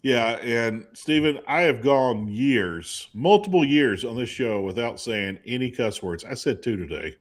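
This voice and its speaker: A man's voice: unhurried, few pauses. Rambling man telling a story. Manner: rambling, animated storyteller with high put-on quoted voices. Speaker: co-host. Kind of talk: casual storytelling.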